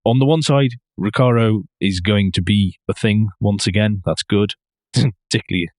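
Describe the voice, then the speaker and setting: Guy co-hosting a car podcast, lowish voice, dry close sound, wry. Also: normal speed, a little mellow, dry recording. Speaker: podcast co-host. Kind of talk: casual chat about car news.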